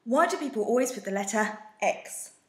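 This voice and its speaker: A young woman with a British accent talks straight to camera in a casual vlog. She is sassy and teasing, with a slightly high voice. Her room gives a noticeable echo. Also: lively intonation, moderate pace. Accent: British English. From Britain. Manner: sassy, defensive, jokey. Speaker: vlogger. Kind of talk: casual vlog answering questions. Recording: echoey room.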